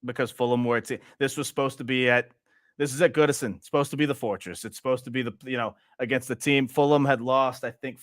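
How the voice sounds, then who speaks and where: In a medium-pitched, fairly bright and clean voice, a young man from Louisiana vents on his fan channel about his football team, exasperated and repeating himself. The studio sound is clear, with no echo.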